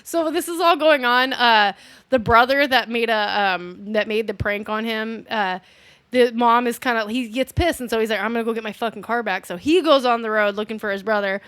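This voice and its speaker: A woman retells a film scene by scene in relaxed, casual talk, quoting the characters and swearing freely. Her voice sits a little high and is recorded dry and close. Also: normal speed, smooth, dry recording. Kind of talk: casual movie recap chat.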